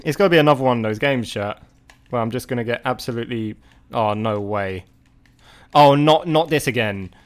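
A man's voice: medium pitch, a little fast. Exasperated man commentating a game. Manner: exasperated, swearing, exclamatory outbursts. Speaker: gaming video creator. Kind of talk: live gameplay commentary to chat.

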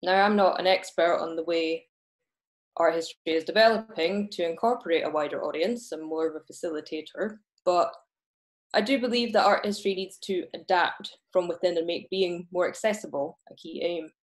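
A Scottish-accented woman hosts an online talk session over a video call, speaking in a fairly low voice at a fairly quick pace. She sounds earnest and makes small restarts when speaking freely.

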